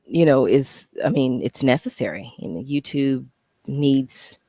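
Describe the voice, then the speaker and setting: A woman vlogging a casual, profane, sarcastic rant, animated and acting out voices. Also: rumbling low, a little slow, no room sound. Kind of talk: casual ranting monologue.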